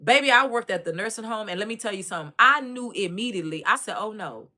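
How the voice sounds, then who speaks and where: A middle-aged Texan woman hosting her own commentary, talking straight to her audience in a loose, storytelling way. Her voice is bright and forceful, with a middle pitch, and she pulls listeners in with lots of "right?" and "you understand what I'm saying?". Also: quick pace. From Dallas, Texas. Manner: animated storytelling, addresses listeners directly. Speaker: commentary host. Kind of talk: casual commentary monologue.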